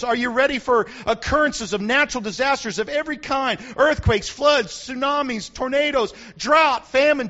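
A male pastor preaching an emphatic sermon that builds to shouts, recorded on a dull lo-fi recording. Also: sits high. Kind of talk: fiery sermon.

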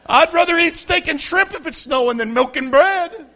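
A male pastor preaching an emphatic sermon that builds to shouts, recorded on a dull lo-fi recording. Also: very high-pitched, lively intonation, moderate pace. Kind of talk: fiery sermon.

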